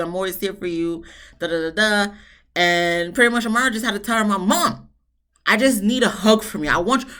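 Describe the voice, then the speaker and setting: Chatty woman reviewing a reality show. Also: fairly low pitch. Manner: chatty, animated retelling with voiced quotes. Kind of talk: casual recap commentary.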